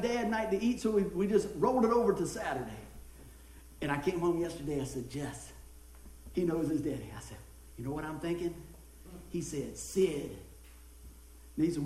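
A man's voice: high-pitched, roomy sound, rough recording. A man preaching a sermon as pastor, telling a story with lots of laughter. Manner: storytelling, animated, laughs often.

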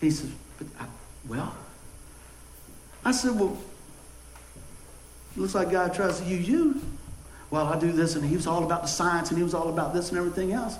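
A man preaching a sermon, telling animated stories and calling out for responses from the congregation. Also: high-pitched, normal speed, long pauses, echoey room, slight background noise, rough recording. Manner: animated storytelling with call-and-response. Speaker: pastor.

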